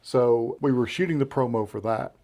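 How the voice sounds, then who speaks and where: A man with a Southern American accent, a guest in a casual interview, telling lively stories and acting out what others said. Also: medium pitch, normal speed. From Southern United States. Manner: animated storyteller who acts out quotes. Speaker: interview guest, beard care brand founder.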